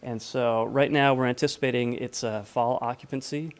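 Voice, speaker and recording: A man presenting a housing project update to a town council, relaxed and informal with many filler sounds. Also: mid-range voice, moderate pace. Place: council chamber.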